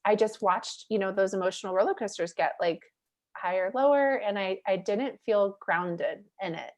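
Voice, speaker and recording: Woman, podcast guest, candid storytelling, chatty, lots of filler words, laughs easily, mid-pitched voice. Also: normal speed. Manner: animated, chatty, peppered with "like" and "you know"; laughs easily while telling stories. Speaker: guest, mindset coach and facilitator.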